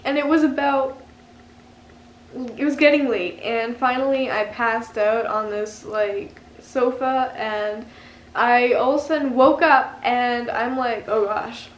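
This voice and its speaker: A woman's voice: fairly high pitch, fairly even intonation, slow pace, reverberant. A young woman telling a story to camera in a casual vlog, laughing often as she goes. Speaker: vlogger.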